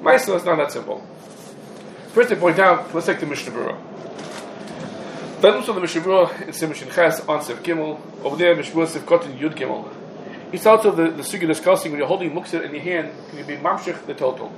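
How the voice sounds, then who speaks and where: Man teaching a lively halacha class. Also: fairly high pitch, fast. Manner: animated, heavy Hebrew and Yiddish terms in English. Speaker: Talmud teacher. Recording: echoey room, background noise.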